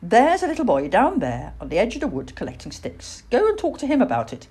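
A woman's voice: a little high, huge pitch swings, brisk, husky, voice pushed up, exaggerated voice. A woman reading a storybook and voicing a patient, firm mother barn owl. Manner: patient, firm and gently teasing.

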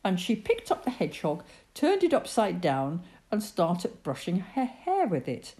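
Woman, storyteller, children's story read-aloud, expressive, wide-ranging pitch, slow and deliberate. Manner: expressive, dramatic narration.

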